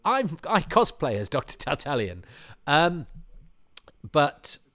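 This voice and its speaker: A man hosting a podcast, giving rambling, self-deprecating commentary with animated asides. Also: on the high side, takes it slowly. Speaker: podcast host. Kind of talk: casual commentary.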